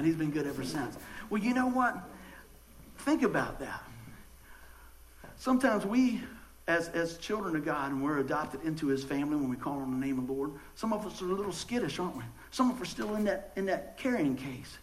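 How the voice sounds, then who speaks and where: Man, pastor, high voice, folksy sermon, stammering restarts. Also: fairly quick, a bit bright, slight background noise, rough recording.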